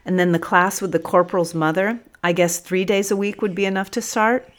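A woman reading an audiobook, voicing a kindly, earnest male police sergeant who talks briskly and tenderly. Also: mid-range voice, fairly even intonation, pitched above the performer's own voice, natural voice. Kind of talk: audiobook character voice.

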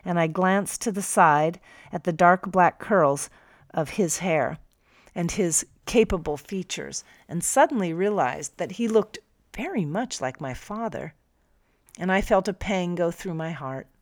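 A woman narrating a first-person story for an audiobook in a calm, measured way. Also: fairly low pitch, no room sound, clean studio sound.

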